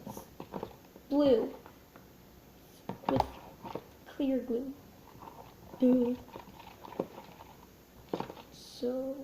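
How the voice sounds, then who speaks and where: A young woman chatting nervously while making slime for her vlog, sometimes dropping to a whisper. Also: on the high side. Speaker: vlogger. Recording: echoey room with faint noise.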